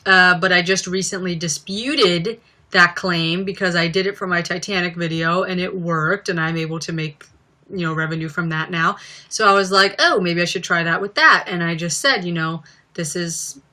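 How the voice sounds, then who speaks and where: A woman's voice: fairly low pitch, normal speed, sharp tone. A young woman chatting casually on a live stream, a little stuffy from a cold, often giggling and acting out bits in silly voices. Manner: giggly, acts out comedy sketches in silly voices.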